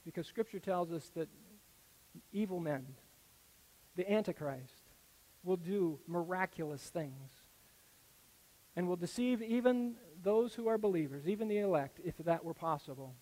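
A man preaching a sermon that explains a Bible passage, earnest and explanatory, often dropping to a soft, low tone. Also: animated, measured pace, long pauses. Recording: echoey hall with long reverb.

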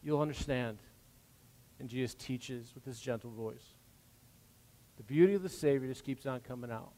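A man preaching a sermon as pastor, swinging from hushed, gentle passages to loud, emphatic lines. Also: mid-range voice, normal speed. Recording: long hall reverb.

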